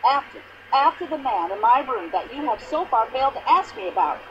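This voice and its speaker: An actress playing a pushy, indignant older American widow in a mystery video game, complaining at length in a shrill voice. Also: female voice, sing-song, fairly quick, lo-fi sound, background noise. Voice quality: shrill, complaining, long-winded.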